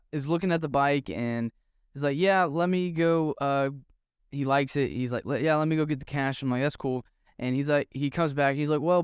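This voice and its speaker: A man's voice: mid-range voice, clean tone, no room sound, studio quality. A young man hosting a podcast, telling a story in a chatty, self-deprecating way with lots of ums. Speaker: podcast host. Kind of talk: casual storytelling monologue.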